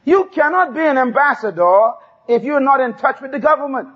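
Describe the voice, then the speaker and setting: Emphatic preacher with a high, lively voice. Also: male voice, brisk. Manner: emphatic call-and-response preaching. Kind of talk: sermon. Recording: dull lo-fi sermon tape.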